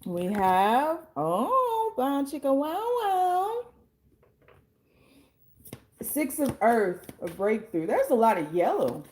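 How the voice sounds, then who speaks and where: Hoarse young woman tarot reader, mellow, slightly high voice, blunt and chatty. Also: wildly swooping pitch, slow, long pauses, slight background noise. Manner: chatty, blunt, swears casually. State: hoarse, losing her voice. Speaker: tarot reader and life coach. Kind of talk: casual tarot reading.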